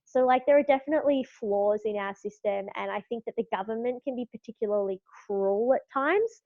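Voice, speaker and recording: A woman's voice: a little high, a little fast, no echo, phone-quality sound. A young Australian woman talking frankly as a podcast guest, with many fillers. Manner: chatty, lots of fillers, frank. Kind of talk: casual political chat.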